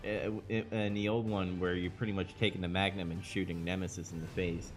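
Low-voiced, rambling podcast co-host. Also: male voice, little pitch movement, fairly quick. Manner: rambling, hesitant, many fillers. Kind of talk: casual chat.

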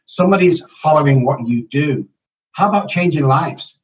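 A man's voice: a little high, animated, normal speed. Older guy, blunt and sweary, fired-up motivator, sounds far off the mic and kinda dull. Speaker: addiction counselor and author, guest. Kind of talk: casual podcast interview.

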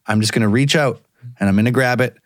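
A man's voice: mid-range voice, fast, a little hiss or hum. A man chatting casually with friends, making wry asides and laughing along. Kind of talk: casual chat.

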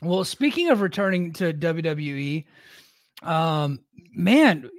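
A man's voice: a little high, sing-song, slow pace, no room sound, clean studio sound. A man co-hosting a podcast in casual talk, easygoing and agreeable, with many fillers. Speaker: podcast co-host.

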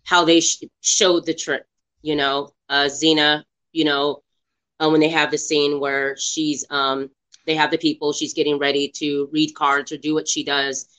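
A speaker with a bright, forward tone chats about a film on a podcast. They ramble with lots of "um" and "you know", and they sound upbeat and keen throughout. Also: mid-range voice, little pitch movement, measured pace. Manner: rambling, many fillers, enthusiastic. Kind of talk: casual film discussion.

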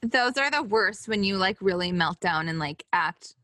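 A young woman co-hosting a podcast, animated in casual chat and laughing often. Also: mid-range voice, normal speed, no echo, studio quality. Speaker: podcast co-host.

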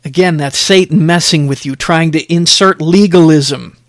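A man's voice: on the high side, normal speed, dry recording, clean studio sound. A middle-aged man hosting a podcast, preaching in an emphatic, exhorting way and repeating phrases for effect. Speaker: podcast host. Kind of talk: preaching, sermon-like podcast talk.

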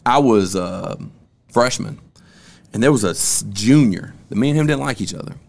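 A young man with a gravelly edge to his voice spins stories on a casual podcast. His talk is loose and slangy and full of cussing. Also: lowish voice, animated, moderate pace, darkish tone. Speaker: podcast host.

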